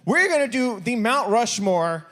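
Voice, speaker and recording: High-voiced, playful male game host. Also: expressive, measured pace, fairly bright tone. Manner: playful, laughing, teasing. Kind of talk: joking game hosting. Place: church youth room, live.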